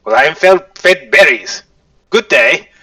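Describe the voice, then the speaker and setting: A man voicing a pompous small lizard king in a squeaky, nasal tone, rambling through grand proclamations. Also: very animated, measured pace, vocal fry, bright, forceful tone, no echo, far from the mic, full character voice, rough recording. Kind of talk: tabletop game character voice.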